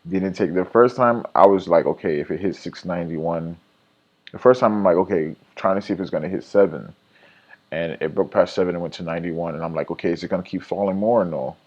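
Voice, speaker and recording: A man's voice: low-pitched, fast talker, a little mellow, highs cut off. A man recapping his day trades in a casual vlog, rambling and self-critical, with lots of fillers and restarts.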